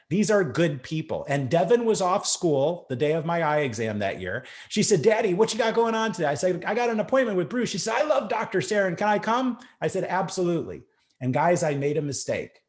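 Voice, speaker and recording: A middle-aged man giving a keynote talk to an audience, telling a personal story and acting out the voices in it. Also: fairly high pitch. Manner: animated, acts out voices in stories. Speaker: keynote speaker.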